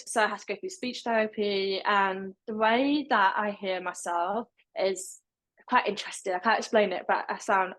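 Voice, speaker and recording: A woman's voice: medium pitch, a bit bright, low-quality recording. A young woman with a deaf accent, speaking as a podcast guest in casual interview talk, with a fairly level delivery and some words pronounced differently.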